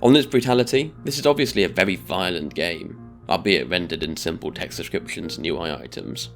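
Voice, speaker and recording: A man giving a scripted video-essay narration in a measured, deliberate way. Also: sits low, soft background music.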